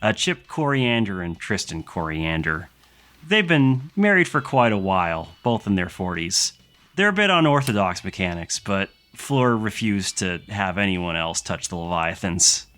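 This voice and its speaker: A man's voice: low-pitched, sing-song, a little slow, fairly bright tone. A man narrating a tabletop game as game master, rambling with frequent filler hesitations.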